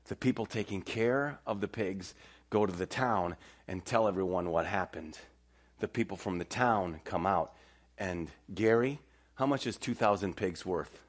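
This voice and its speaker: Middle-aged male pastor, animated storytelling sermon, casual banter with the congregation. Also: low voice, a little slow.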